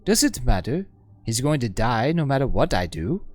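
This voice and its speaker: A man's voice: medium pitch, sing-song, moderate pace, darkish tone, no echo, pitched below the performer's own voice. A man voicing an earnest woman who pleads and reasons, as a dramatic reading of game dialogue. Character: earnest young woman seeking wisdom.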